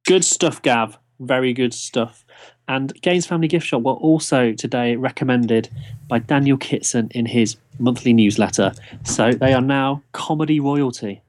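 A man's voice: mid-range voice, normal speed, darkish tone. A man co-hosting a podcast, chatting casually with teasing banter. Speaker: podcast co-host. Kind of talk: casual chat.

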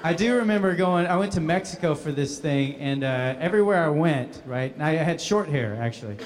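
Man, voice actor, animated and laughing, a bit high, noisy room. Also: fairly quick. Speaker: voice actor guest at a convention panel. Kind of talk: casual convention Q&A.

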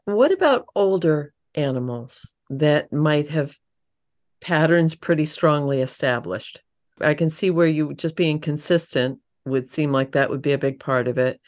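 Low-voiced woman asking rambling questions. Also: expressive, a little slow, darkish tone. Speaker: interview host. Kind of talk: casual interview talk.

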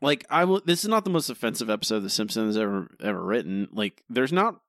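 A man's voice: lowish voice, quick pace, dry recording. Exasperated male podcast co-host. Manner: animated, exasperated, laughs often. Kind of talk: casual chat.

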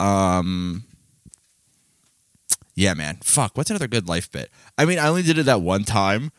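Man, mid pitch, lively intonation, deadpan storytelling, comedy podcast co-host, dry close mic. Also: normal speed, dry recording. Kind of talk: casual comedic chat.

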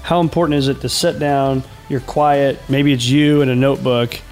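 Chatty male podcast host, soft music behind. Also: mid-range voice, fairly even intonation, moderate pace. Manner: friendly, chatty, asks long rambling questions. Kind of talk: casual interview talk.

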